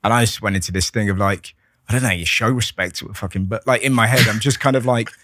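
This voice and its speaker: A lower-voiced comedian, chatting on a podcast. He tells lively stories, slips into voices and swears freely. The sound is dry and close. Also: quick pace, dry recording. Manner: animated storyteller, acts out voices, swears freely. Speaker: comedian guest. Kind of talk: casual podcast conversation.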